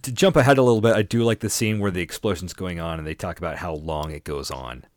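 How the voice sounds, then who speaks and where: A man's voice: low voice, fast, darkish tone, dry recording, clean studio sound. A man co-hosting a casual book podcast, talking in a playful, teasing way. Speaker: podcast co-host.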